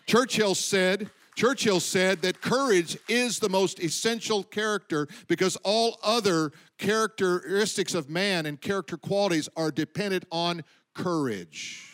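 A man with a high voice preaches a sermon. He speaks with emphasis, slows down on his key points, and lets his voice fall low at the ends of lines. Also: fairly bright tone. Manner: emphatic preaching, slowing for stress and dropping low at line ends. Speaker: pastor.

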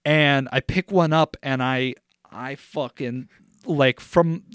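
A man's voice: mid-range voice, takes it slowly, a bit bright, clean tone, no room sound, studio quality. A young man co-hosting a podcast, telling a rambling, profane story in casual chat and laughing along the way. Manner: profane, rambling, laughs through his stories. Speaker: podcast co-host.

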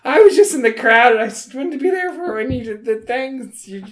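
A game master voicing an excitable, dazed male goblin fan who yelps and swears in a high, jumpy voice. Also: fairly quick. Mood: eager. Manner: frantic, yelping, swearing.

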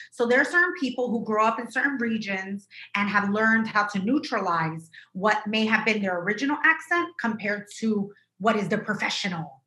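A woman co-hosting a podcast over a video call, chatting casually in an animated, emphatic way. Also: medium pitch, echoey room. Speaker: podcast co-host. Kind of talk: casual chat.

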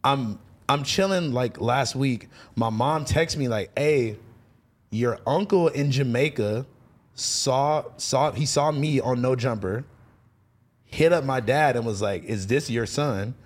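A young man, a rapper guest on a podcast, telling stories in loose casual chat, full of fillers and quick laughs. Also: medium pitch. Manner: loose storytelling, heavy on fillers, laughs easily.

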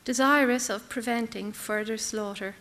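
A woman reading literary prose aloud in measured, intense, clipped phrases. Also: fairly high pitch, fairly even intonation, fairly bright tone, big-room sound. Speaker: reader.

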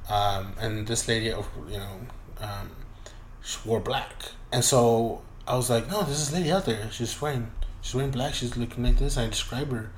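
A man with a mid-pitched voice tells a personal story at normal speed in relaxed chat, swearing freely and acting out the voices of the people involved. His loose delivery echoes in a roomy space with a faint noise floor.

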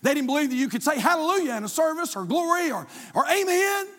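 A man preaching as pastor to his congregation, building to shouted, rhythmic lists of praise. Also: extremely high pitch, very animated, fast. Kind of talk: sermon. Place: large church sanctuary. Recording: long hall reverb.

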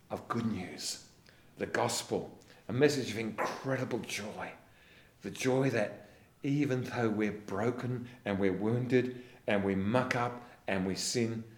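A man's voice: fairly low pitch, reverberant. A man preaching an earnest sermon as a pastor. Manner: earnest, ends in a quiet prayer.

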